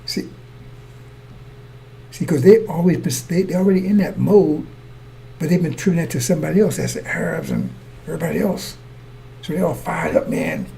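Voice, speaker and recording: Male preacher, fairly high gravelly voice, repetitive sermon delivery to the congregation. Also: very animated, brisk, pauses often, mellow, slight background noise. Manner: repetitive, asks listeners to follow along; addresses congregation as brothers and sisters.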